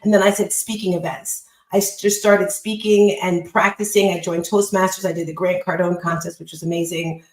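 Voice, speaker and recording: A woman's voice: fairly low pitch, level tone, a little fast, few pauses, reverberant, rough recording. A woman hosting a live online call as a business coach, giving an upbeat, emphatic motivational talk and repeating phrases.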